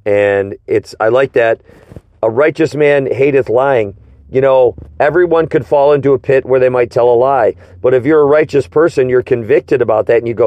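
A man's voice: medium pitch, dark tone, no room sound, muffled recording. Man leading an earnest Bible study. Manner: slow, emphatic teaching with rhetorical questions. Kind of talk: informal Bible study discussion.

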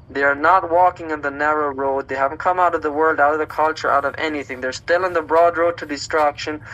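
A man's voice: on the high side, fairly bright tone, poor audio. A man teaching from the Bible in an earnest, emphatic way, reading scripture aloud and sometimes restarting his phrases. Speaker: preacher. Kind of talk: sermon-style Bible teaching.

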